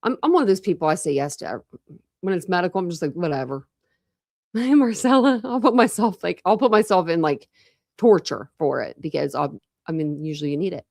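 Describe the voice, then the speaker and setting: A woman's voice: on the low side, lively intonation, a little fast, vocal fry, darkish tone, no echo, clean studio sound. A woman hosting a true crime livestream, chatting casually and greeting viewers by name with lots of fillers. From Ohio, United States.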